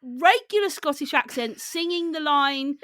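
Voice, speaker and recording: A woman co-hosting a casual comedy podcast, with a high voice that moves a lot in pitch. She teases bluntly and bosses the chat along. The mic is close and dry. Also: lively intonation, measured pace, a bit bright, no room sound. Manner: teasing, bossy, blunt. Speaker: podcast co-host.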